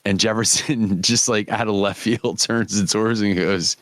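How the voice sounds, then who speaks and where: A man's voice: fairly low pitch, fairly even intonation, a little slow, fairly bright tone, no room sound, studio quality. A man hosting a podcast, telling stories in casual chat, swearing freely and laughing often. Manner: profane, laughing storyteller. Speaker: podcast host.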